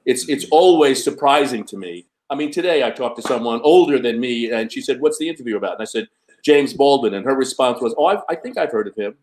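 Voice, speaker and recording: A man in his seventies in casual panel conversation, thoughtful and measured with hesitant fillers. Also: mid-range voice, expressive, darkish tone. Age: 70s. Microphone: video call.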